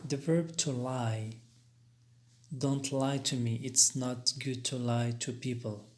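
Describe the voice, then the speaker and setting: Male teacher, mid-pitched, unhurried recorded lesson, methodical, spells words letter by letter. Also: fairly even intonation, a little mellow. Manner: slow, deliberate explaining with spelled-out letters; careful pauses and fillers. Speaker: English teacher.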